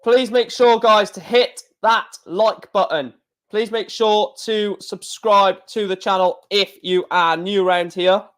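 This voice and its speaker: Excitable man hosting a live stream. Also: high voice, measured pace. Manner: excitable, rambling with many restarts. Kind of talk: casual live-stream chat.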